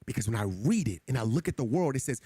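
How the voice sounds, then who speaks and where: A man's voice: medium pitch, sing-song, quick pace, mellow, breathy edge, dry recording. A man streaming a game who talks casually to his chat in an earnest, preachy way, often repeating himself. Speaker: gaming streamer. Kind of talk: casual livestream talk to chat.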